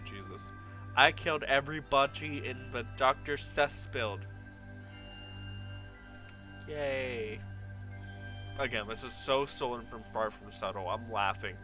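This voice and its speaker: A man's voice: medium pitch, pushed and bright. A young man giving casual commentary over old gameplay, nostalgic and laughing often as he reads his old signs aloud. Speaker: gaming YouTuber.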